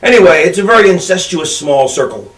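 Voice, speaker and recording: A high-voiced man telling a rambling, profane story in casual chat, often stopping to restart his sentences. He sounds set back from the microphone in an echoey room. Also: very animated, fairly quick, distant mic, crowd noise. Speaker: podcast co-host.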